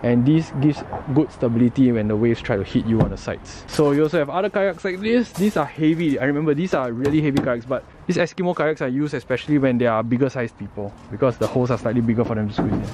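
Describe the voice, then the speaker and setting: A man's voice: mid-range voice, quick pace, hardly any pauses. A young man with a Singaporean English accent, vlogging in a chatty, jokey way and laughing easily as he wanders through shops and streets. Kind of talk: casual vlog narration. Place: out and about in city streets and shops. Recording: noisy outdoor street recording.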